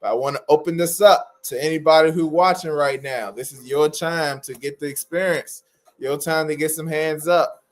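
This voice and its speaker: A man's voice: on the high side, moderate pace. A man hosting a livestream for sign language interpreters, talking casually and informally to viewers, often repeating phrases for emphasis. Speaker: host of an interpreting practice livestream.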